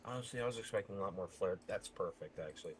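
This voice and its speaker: A man playing a tabletop game, excitable and quick to laugh, jumping from quiet asides to loud outbursts. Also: low voice, a little hiss or hum. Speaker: player.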